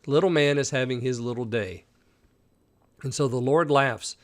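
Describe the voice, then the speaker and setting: A man's voice: mid-range voice, normal speed. Man teaching a daily Bible study. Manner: animated, explains the text conversationally.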